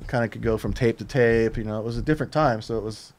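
This man, a fifty-something Southern Californian guest on a podcast, talks fast with a steady, darkish tone at medium pitch. His casual storytelling is loose and profane, full of restarts.

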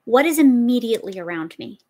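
A woman player in a tabletop game, talking in a measured, dryly wry way. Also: on the high side, lively intonation, dark tone. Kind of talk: casual tabletop play.

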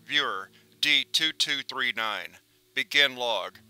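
A man reading a document in measured, formal scripted narration. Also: mid-range voice, pushed and bright, clean tone, faint music behind.

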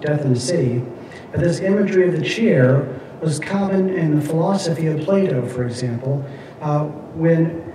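A man lectures a Bible class in a slightly high, mellow voice, pausing often with fillers and restarts. He is picked up from a distance in a very echoey classroom, with a faint hiss behind him. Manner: halting, frequent fillers and restarts. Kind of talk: classroom lecture with scripture readings. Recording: echoey room, mic at a distance.

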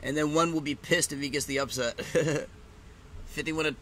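A man hosting a live reaction stream, giving casual play-by-play of a fight, swearing and breaking into shouts at big moments. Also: medium pitch, steady tone, normal speed.

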